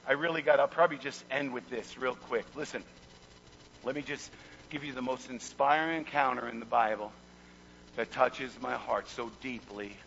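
A man preaching a fervent sermon, repeating words and building to shouts. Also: medium pitch, moderate pace, gravelly, dull audio, a little hiss or hum. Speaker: pastor.

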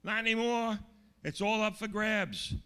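A man preaching a sermon with emphasis, slowing down to stress key words and checking in with his listeners with questions. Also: sits high, pushed and bright, clean tone, big-room sound.

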